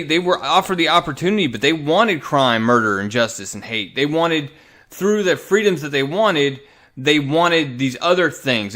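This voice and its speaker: A man giving a casual, animated recap of a comic book story as a reviewer, often restarting his sentences. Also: on the high side.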